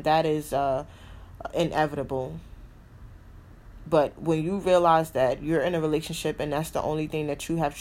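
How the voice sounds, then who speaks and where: Deep and a little mellow, this adult woman's voice carries her podcast, where she delivers a casual motivational monologue. She mentions having a son, hammers home her key phrases through repetition, and swears without hesitation.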